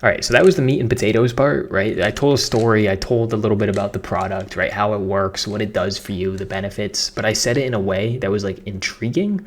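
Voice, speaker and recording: A man's voice: fairly low pitch, fast, hardly any pauses. A man with a Boston accent giving a casual how-to tutorial as a content creator, chatty and slangy, often tossing in "right?". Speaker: social media content creator.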